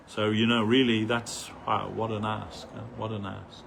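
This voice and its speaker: A man giving an earnest devotional sermon at a festival, pausing often with "uh" as he searches for words. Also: lowish voice, flat delivery, vocal fry, a bit bright, slight background noise. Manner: earnest, halting, many "uh" pauses.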